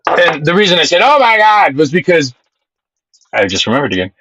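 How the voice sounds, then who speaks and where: A man streaming live, chatting casually with his viewers and reading their comments. He rambles and gets excited, and he swears freely. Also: a little high, fairly quick, muffled recording.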